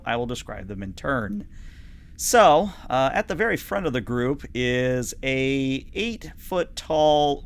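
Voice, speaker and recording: A man's voice: medium pitch, clean tone. A man narrating as game master of a tabletop game, chatty and full of fillers.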